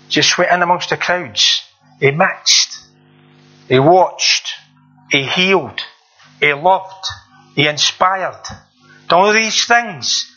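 A man with a slightly high, sharp-toned voice preaches a sermon in an earnest, conversational way. He repeats himself and asks listeners rhetorical questions. The recording sounds dull and lo-fi.

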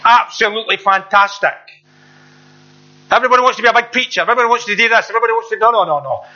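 Man, preacher, sermon, earnest, rhetorical questions, bright tense voice. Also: sits high, rapid-fire. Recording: dull lo-fi recording.

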